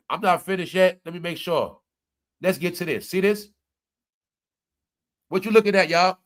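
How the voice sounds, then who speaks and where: Brief: male commentary streamer, high and bright, animated, lecturing his audience. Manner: animated, preachy, talks straight to viewers. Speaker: commentary livestream host. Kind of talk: casual live commentary.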